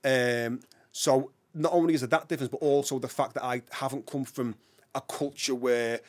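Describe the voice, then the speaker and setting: A man from England with a Liverpool accent, a podcast guest telling his story in a lively, animated way and laughing often. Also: medium pitch, normal speed, dry recording. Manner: animated, laughs often, acts out voices in anecdotes. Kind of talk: casual storytelling interview.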